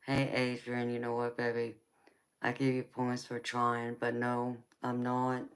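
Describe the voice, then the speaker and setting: A slow-talking woman with a Southern accent from Georgia, hosting a live tarot stream. She chats easily with viewers, calling them honey and baby, and laughs often. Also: rumbling low, completely flat delivery, smooth. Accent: Southern American. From Georgia, United States.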